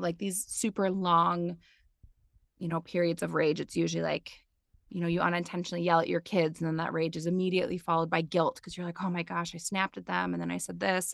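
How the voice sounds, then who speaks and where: A woman's voice: on the low side, vocal fry, fairly bright tone, no room sound, studio quality. A woman in her thirties, a podcast guest and mindfulness teacher, talking in a chatty way with lots of filler words. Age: 30s. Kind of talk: casual interview chat.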